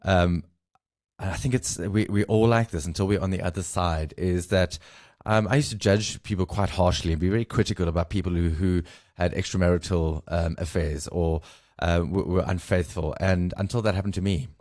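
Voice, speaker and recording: Halting deep-voiced male podcast host. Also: fairly even intonation, darkish tone. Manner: halting, filler-heavy, confessional. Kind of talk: conversational interview, candid.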